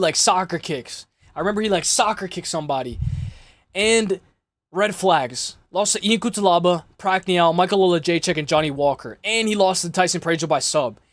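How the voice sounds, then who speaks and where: A man hosting a casual livestream, rambling and cursing as he makes fight picks, his voice hoarse and worn out. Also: high voice, no echo. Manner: rambling, repeats himself, curses freely. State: lost his voice. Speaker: livestream host.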